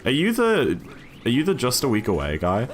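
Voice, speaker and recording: A Newcastle man whose accent blends northern and southern English chats casually on a gaming stream, rambling with lots of restarts and fillers. His voice sits at medium pitch but swoops wildly, and he talks at a normal speed.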